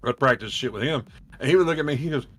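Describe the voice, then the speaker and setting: A young man on a casual podcast, telling animated stories and swearing freely. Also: mid-range voice, fast, faint music behind. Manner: animated storyteller who acts out quotes, swears freely. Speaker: podcast co-host.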